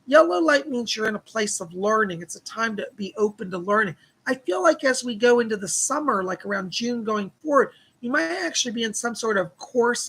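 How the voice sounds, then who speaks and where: Gravelly, bright-voiced male psychic host. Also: high-pitched, low-quality recording. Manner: relays spirit messages with repeated "she said"; reads out viewer donations and thanks them. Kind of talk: live-streamed psychic readings for viewers.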